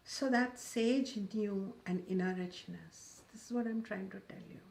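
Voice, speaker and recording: A woman's voice: mid-range voice, measured pace, gravelly, darkish tone. Woman giving a spiritual talk. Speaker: spiritual teacher. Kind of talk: spiritual talk with storytelling and guided meditation.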